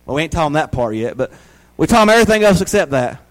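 High-voiced Southern preacher man. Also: sing-song, quick pace, low-quality recording. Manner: folksy, down-home preaching with rhetorical questions. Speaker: pastor. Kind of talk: sermon.

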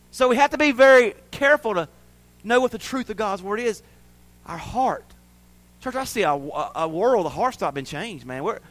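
A man preaching to his church in a high, bright tenor. He is plainspoken and folksy, and he swings between ringing declarations and near-hushed stretches. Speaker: pastor. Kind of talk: sermon.

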